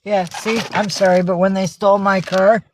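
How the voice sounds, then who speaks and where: A woman's voice: mid-range voice, little pitch movement, normal speed, slight background noise. A woman vlogging in a casual livestream style, rambling, cooing to her pets and swearing casually, talking from inside a car.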